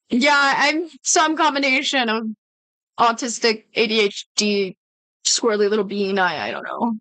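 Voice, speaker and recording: Speaking slowly with frequent pauses, this woman has an expressive, pushed, bright voice on the high side. She's a streamer rambling casually to viewers, swearing freely and interrupting herself mid-sentence. No room sound is audible, though the recording is rough.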